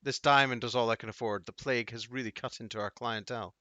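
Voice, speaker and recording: A man voicing a scheming middle-aged brothel madam who bargains smoothly and sounds pleased with herself. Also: mid-range voice, fairly even intonation, fast, sharp tone, no room sound, lightly acted. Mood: smug. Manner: smooth, self-satisfied bargaining. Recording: dull dry audio.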